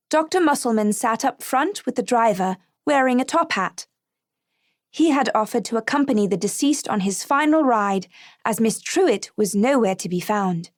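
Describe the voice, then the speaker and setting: A woman reading an audiobook aloud in clear, even scripted narration. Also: on the high side, no room sound, studio quality.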